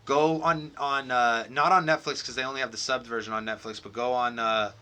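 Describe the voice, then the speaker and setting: A man co-hosting a podcast in casual, profane, slangy chat, excitedly acting out scenes with sound effects. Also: mid-range voice, brisk, clear, resonant tone. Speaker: podcast co-host.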